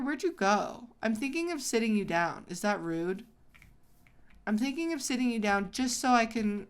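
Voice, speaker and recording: A woman hosting a gaming video, telling a story in a casual way while she plays and breaks off into excited exclamations. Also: medium pitch.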